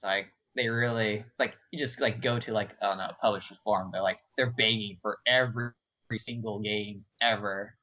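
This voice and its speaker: A man's voice: lowish voice, steady tone, a little fast. Hesitant man full of fillers. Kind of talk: casual podcast chat. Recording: dull lo-fi audio.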